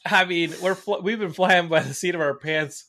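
A man hosting a podcast, chatting casually and telling a rambling, animated story. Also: high-pitched, normal speed. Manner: rambling, animated storytelling, reads out viewer comments. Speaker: podcast host. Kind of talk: casual chat.

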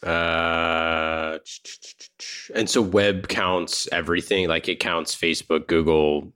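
A man's voice: low voice, fairly even intonation, slow, sharp tone, clear, resonant tone. A man in a casual chat who chimes in with short, joking remarks. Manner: brief, joking interjections.

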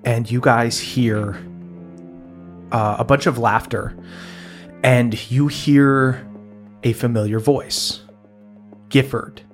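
A man's voice: medium pitch, fairly even intonation, slow pace, pauses often, faint music behind. Guy running a tabletop game, chill, lots of ums, laughs easy. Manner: casual, laughing, many fillers. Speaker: game master.

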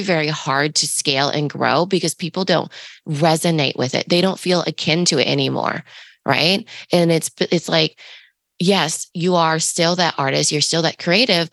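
A woman with a low, gravelly, raspy voice talks through a casual podcast monologue. She coaches her listeners in a rambling way, full of fillers and restarts. The sound is close and dry. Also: no echo. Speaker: podcast co-host.

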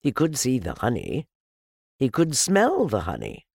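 Slow, gravelly storybook narrator, a man. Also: medium pitch, huge pitch swings, no room sound, clean studio sound. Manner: slow, deliberate, softly lilting. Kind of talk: storybook reading.

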